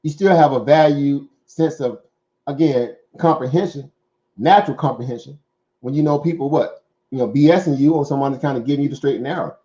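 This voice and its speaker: A man's voice: mid-range voice, brisk, warm tone, muffled recording. A man with a Southern accent hosting a casual stock market talk, rambling and conversational, full of fillers and tag questions. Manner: rambling, conversational, many fillers and "right?" asides. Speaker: stock market show host.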